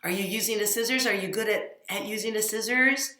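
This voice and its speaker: Woman, children's teacher, gentle coaxing tone, bright voice, echoey room. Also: medium pitch, fairly quick. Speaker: children's Sunday school teacher. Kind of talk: children's lesson talk.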